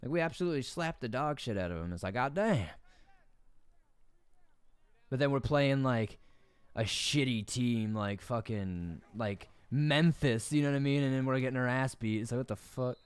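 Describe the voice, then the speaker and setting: Young man, Southern American accent, casual game commentary, profane, joking, middle pitch, dry close sound. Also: a little fast, clear, resonant tone, no room sound. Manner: profane, rambling, jokey. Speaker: gaming streamer. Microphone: desk mic.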